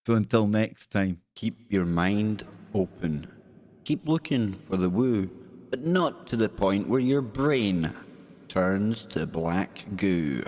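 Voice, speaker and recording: A man's voice: lowish voice, animated, takes it slowly, a little mellow, no room sound, clean studio sound. A man hosting a live stream, chatting casually with viewers in a scornful, rambling way.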